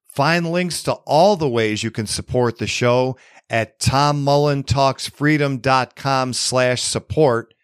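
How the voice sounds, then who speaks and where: A man hosting a podcast, asking questions and reading a support message in a measured way. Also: medium pitch, clean tone, no echo, clean studio sound. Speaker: podcast host. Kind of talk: interview questions and read sponsor break.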